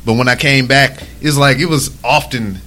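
A man's voice: mid-range voice, steady tone, normal speed, pushed and bright. A man in his forties hosting, telling a crude story in casual chat. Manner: profane, laid-back storytelling. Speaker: podcast host.

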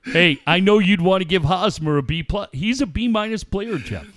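A man's voice: sits high, moderate pace, dry recording, studio quality. A man hosting a podcast, telling a story in casual profane talk and mimicking other people as he goes. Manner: animated, swearing, mimicking others. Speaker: podcast host.

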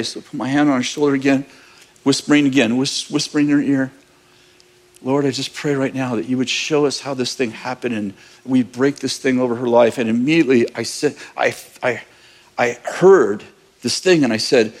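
A man's voice: mid-range voice, fairly even intonation, moderate pace. A man preaching as pastor, telling a personal story in a casual, candid way and laughing now and then. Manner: conversational, candid, with bursts of laughter. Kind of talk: sermon storytelling.

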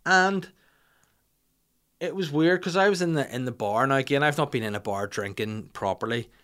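Man, middle-aged, podcast host, lively sweary storyteller, mid-pitched voice. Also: moderate pace. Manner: animated, acts out the people in his stories, swears. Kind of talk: comic storytelling rant. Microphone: studio mic.

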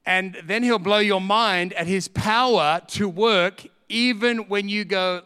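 A man's voice: sits high, slow, clear, resonant tone, long reverb tail. A middle-aged man with an Australian accent preaching a sermon. He tells stories with animation and hammers points home by repeating them. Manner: animated storytelling, emphatic repetition.

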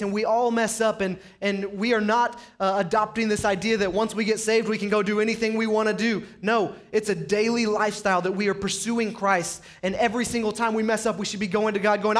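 High-voiced impassioned preacher man. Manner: impassioned, rises high and loud on pleas then drops low. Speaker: pastor. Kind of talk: sermon. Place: church sanctuary.

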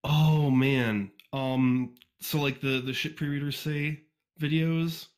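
A man's voice: mid-range voice, steady tone, slow pace. A man guest on a casual podcast, a fan fiction reviewer who rambles and jokes at his own expense. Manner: rambling, self-deprecating, lots of fillers and restarts. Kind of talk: casual interview.

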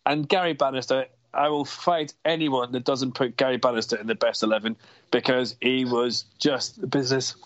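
A man's voice: mid-range voice, fairly even intonation, normal speed, dry recording. A man chatting about football in a passionate, rambling way, swearing and getting carried away, heard over a video call. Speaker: podcast guest. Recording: dull lo-fi video call audio.

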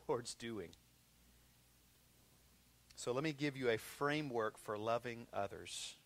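A man preaching a sermon in a lively, conversational way, acting out people's excuses as he goes. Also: mid-range voice. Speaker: pastor.

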